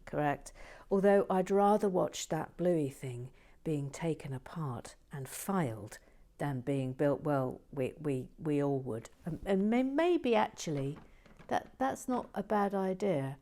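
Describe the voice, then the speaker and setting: A woman hosting a brick-building channel, reading out viewer messages in a playful, sassy, theatrical way with hushed asides. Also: lowish voice, lively intonation, slow pace.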